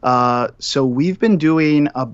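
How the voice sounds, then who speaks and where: A man's voice: fairly high pitch, slow, no room sound. A man calling in as a guest for casual chat, rambling with many fillers. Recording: dull, dry call-in line.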